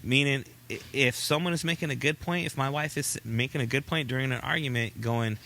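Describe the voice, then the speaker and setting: A man's voice: medium pitch, fairly quick, vocal fry, sharp tone. A man in his thirties co-hosting a casual podcast, giving earnest relationship advice and acting out talks with his wife. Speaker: podcast co-host.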